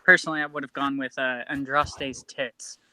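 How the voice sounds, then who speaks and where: A man's voice: mid-range voice, flat delivery, normal speed, sharp tone, no echo, low-quality recording. A man playing in a tabletop game, chatting in a casual, joking way. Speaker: player.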